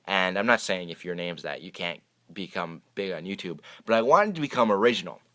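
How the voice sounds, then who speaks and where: His voice is low and sharp in tone, with lively intonation and a fairly quick pace. A young man running a YouTube magic channel chats through viewer questions in a rambling casual Q&A vlog, often restarting hesitantly, captured by a camera microphone.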